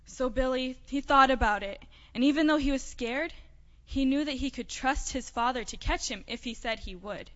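A woman with a fairly high voice tells a children's story during a church service. She speaks gently and plainly. The recording is dull and lo-fi, and a long reverb trails her words. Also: moderate pace. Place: church sanctuary.

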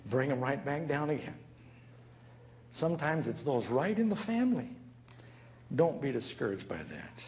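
Animated preacher man, lo-fi. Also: a little high, moderate pace, slight background noise. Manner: storytelling with acted dialogue, animated. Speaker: pastor. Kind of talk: sermon.

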